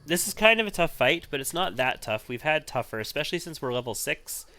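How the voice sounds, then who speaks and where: A man's voice: fairly high pitch, very animated, fairly quick, pushed and bright. A man giving casual commentary while he plays a role-playing video game, chatty and thinking aloud. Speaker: let's-play host.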